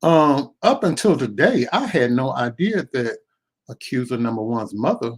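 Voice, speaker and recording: A man hosting a live commentary stream in a casual, animated way, with churchy exclamations and repeated phrases. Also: mid-range voice, normal speed, breathy edge.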